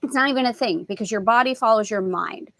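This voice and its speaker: A woman's voice: on the high side, quick pace, gravelly, fairly bright tone, no echo. A middle-aged woman hosting a spiritual lesson talk, telling stories with animation and acting out family voices. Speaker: host.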